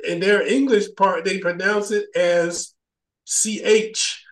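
A man's voice: high voice, steady tone, slow, a bit bright. A man from the southern United States, a guest in an interview, explaining patiently and spelling words out letter by letter. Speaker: guest, identity coach and author. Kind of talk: interview conversation.

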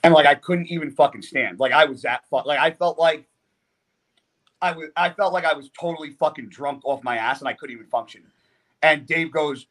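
A man, a bodybuilder guest on a podcast, telling a story in a casual, profane, animated way. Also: on the high side, a little fast.

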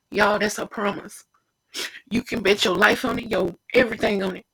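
Casual devotional preacher, rough husky voice, fervent and repetitive, addresses the listener directly. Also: mid-range voice, fairly even intonation, fast, pushed and bright, rough recording. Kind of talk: informal devotional sermon.

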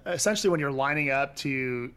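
A man's voice: medium pitch, expressive, fairly quick, fairly bright tone, clear, resonant tone. Guy in his 30s on a podcast, loose and rambly, full of fillers. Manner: rambling, lots of fillers and restarts. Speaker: guest pixel artist. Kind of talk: casual podcast chat.

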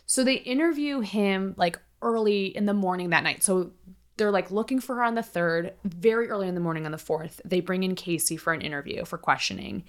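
A woman with a fairly low voice recounts a true-crime case to her co-host. She talks casually and chattily, peppering her sentences with filler words and blunt swearing. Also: fairly quick. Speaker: podcast co-host.

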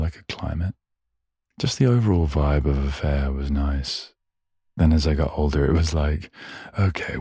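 A man's voice: very deep voice, dark tone, slightly rough, no room sound, clean studio sound. A young man hosting a solo podcast, rambling in a chatty, self-mocking way. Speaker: podcast host.

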